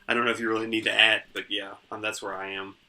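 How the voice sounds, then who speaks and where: A man's voice: lowish voice, flat delivery, fast talker, pushed and bright. A man co-hosting a casual comedy podcast, giggly and playful, rambling through bits. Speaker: podcast co-host.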